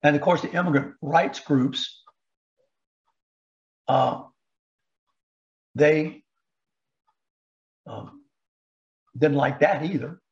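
A man giving political commentary, halting with fillers and restarts, pushing rhetorical questions up in pitch. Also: highs cut off. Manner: rhetorical questions with rising emphasis.

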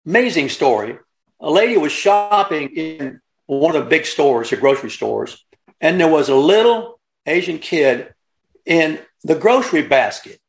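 A man's voice: a little high, vocal fry. A man giving impassioned commentary, emphatic and digressive, repeating points and lecturing along the way. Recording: roomy echo.

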